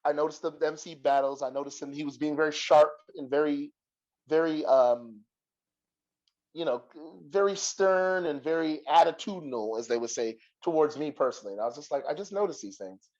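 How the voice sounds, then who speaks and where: A man's voice: a little high, a little fast, darkish tone, highs cut off. Heated, profane man telling a story. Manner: profane, heated retelling with quoted dialogue. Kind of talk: casual storytelling on a podcast.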